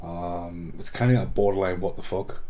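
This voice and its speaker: Man, low voice, mellow tone, rambling film review vlog, casual swearing. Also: moderate pace. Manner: rambling, swears a lot, laughs at the films.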